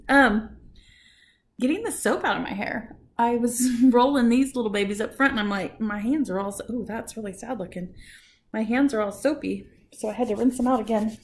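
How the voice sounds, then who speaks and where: A woman vlogging at home, telling an indignant story in a casual, animated way while doing her hair, often laughing. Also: on the high side. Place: at home after a shower. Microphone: camera at close range.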